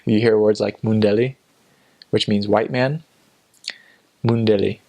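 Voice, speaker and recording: A man's voice: lowish voice, measured pace, creaky. A young man, a returned missionary, casually telling amused stories with lots of fillers. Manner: relaxed, amused, chatty with frequent fillers. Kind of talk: casual storytelling.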